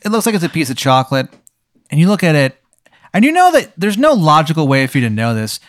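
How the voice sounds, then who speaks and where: A man's voice: a little high, wildly swooping pitch, fast talker, dry recording. A young adult man narrating a comedic tabletop game as game master. He rambles, with frequent fillers and restarts.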